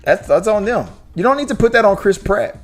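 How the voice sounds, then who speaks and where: A man hosting a casual movie podcast, talking in an animated way with many restarts. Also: high-pitched, brisk, soft background music. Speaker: podcast host.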